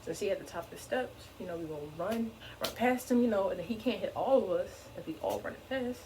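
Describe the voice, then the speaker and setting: A young adult woman vlogger telling a funny personal story in an animated way, often saying "like". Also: mid-range voice, quick pace, slight background noise, poor audio. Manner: animated, fills speech with "like". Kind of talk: casual storytime.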